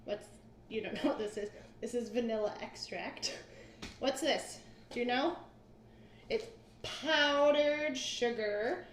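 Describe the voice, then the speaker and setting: Mom teaching her kid to cook at home; high, patient voice, roomy kitchen sound. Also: moderate pace. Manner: patient, coaxing, asks simple questions. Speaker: cooking class teacher with her child. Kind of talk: home cooking demo video. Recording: echoey room, faint noise.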